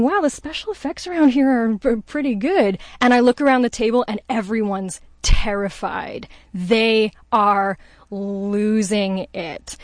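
A woman's voice: fairly high pitch, no room sound. A woman telling a comedic personal story as a guest, self-deprecating and acting out the voices of the people in it. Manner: lively, self-deprecating, acts out voices in quotes.

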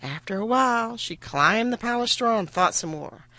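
A woman reads a children's fairy tale aloud with a lively, expressive delivery. Her pitch rides up and down through the sentences. The recording is dry and close, with no room echo. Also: moderate pace. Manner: expressive, animated reading. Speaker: storyteller. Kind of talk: reading a children's story aloud.

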